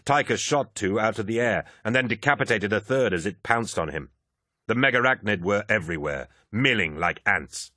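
A male narrator with a lowish voice reads a battle-heavy science fiction audiobook. His delivery is dramatic and lively, swooping through a wide pitch range, recorded dry and close with no room sound. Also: normal speed, no echo. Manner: dramatic, vivid action reading.

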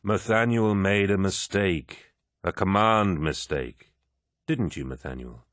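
Audiobook warlord, male, deep and unhurried, quietly in command, voiced by a man. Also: no room sound, studio quality. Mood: calm authority. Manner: slow, soft and measured. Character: calm commanding male warlord, measured and paternal.

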